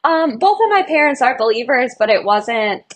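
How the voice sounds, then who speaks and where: A woman's voice: fairly high pitch, very animated, moderate pace. Earnest young woman runner, podcast guest. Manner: emotional, earnest, bubbly storytelling. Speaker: guest, Olympic marathon runner. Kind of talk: podcast interview.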